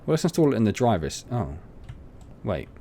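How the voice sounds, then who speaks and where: A young man who hosts a gaming channel rambles casually through a let's play of a farming game, chatty and mocking himself. His voice sits on the low side with a sing-song lilt, a moderate pace and a dark tone. There's slight background noise.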